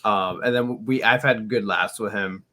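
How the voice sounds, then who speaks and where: Man, somewhat low pitch, podcast co-host, animated storytelling, casual. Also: moderate pace.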